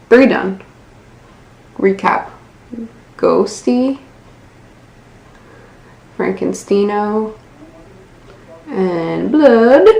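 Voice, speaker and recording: An American woman in her twenties narrates a casual nail art tutorial in a creaky, mid-range voice, poking fun at herself and swearing casually. The room is echoey, with faint background noise.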